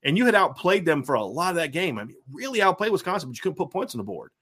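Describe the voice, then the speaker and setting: A man with a Savannah, Georgia accent hosting a sports podcast, excitable and rambling, often repeating himself. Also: on the high side, fast talker, breathy edge. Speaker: podcast host. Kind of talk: casual sports podcast chat.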